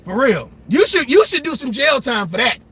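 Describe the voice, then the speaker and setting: A man doing a loud, profane comedic rant, laughing often and slipping into mock voices. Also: very high-pitched, very animated, normal speed, gravelly, husky. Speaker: comedic commentator.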